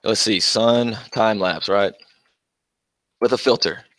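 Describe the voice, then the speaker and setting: Talking slowly into a close, dry mic, a young livestream host with a low, slightly bright voice handles his own stream in a dry recording. His delivery is loose and casual. He jabs at viewers, mocking chat comments in a combative, profane way and laughing frequently.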